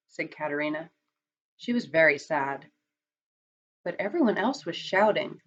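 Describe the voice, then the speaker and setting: A woman reads a children's picture book aloud in an expressive, dramatic storyteller's manner. Her pitch swoops in animated arcs. The recording sounds dull and lo-fi. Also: moderate pace.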